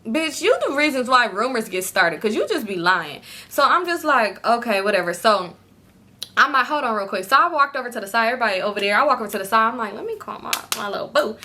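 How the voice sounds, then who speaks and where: A young woman telling a club story in a casual storytime vlog, animated and profane, talking to viewers as y'all. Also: quick pace. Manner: animated, swings into high-pitched quoted voices.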